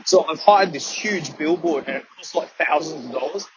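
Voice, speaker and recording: A man's voice: on the high side, crowd noise, low-quality recording. An Australian man rambling through a comic monologue. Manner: rambling, rapid patter. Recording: clear background noise.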